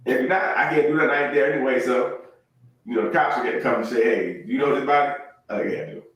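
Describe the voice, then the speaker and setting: A man's voice: mid-range voice, steady tone, rapid-fire, a bit bright. Man laughing, far off in an echoey room. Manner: laughs often, acts out little scenes with quoted lines. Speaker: podcast host. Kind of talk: casual chat.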